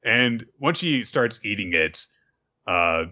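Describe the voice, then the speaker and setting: A man's voice: lowish voice, takes it slowly, dull audio. A man co-hosting a casual podcast recap, acting out scenes and swearing freely. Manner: animated, acts out scenes, swears. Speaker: podcast co-host.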